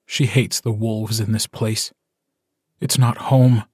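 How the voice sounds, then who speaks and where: Slow, measured male audiobook narrator. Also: on the low side, little pitch movement, a little mellow, breathy edge, no room sound, studio quality. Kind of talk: scripted narration.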